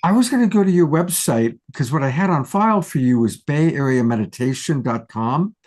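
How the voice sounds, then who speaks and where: A man's voice: a little high, expressive, fairly quick, a little mellow. A man hosting a live talk show, talking casually with fillers and hesitations. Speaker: talk show host and coach.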